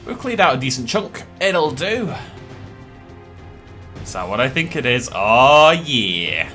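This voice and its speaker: A man's voice: mid-range voice, very animated, slow pace, pushed and bright, faint music behind. A British man hosting a let's play, chatting casually and animatedly as he plays and often laughing at himself. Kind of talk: casual gaming commentary.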